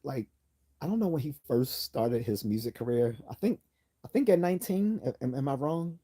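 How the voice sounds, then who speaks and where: A man's voice: medium pitch, sing-song, normal speed, mellow, breathy edge. A man hosting a casual livestream, chatting loosely, correcting himself often and reading viewer comments aloud. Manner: rambling, self-correcting, reads chat comments aloud. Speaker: livestream host.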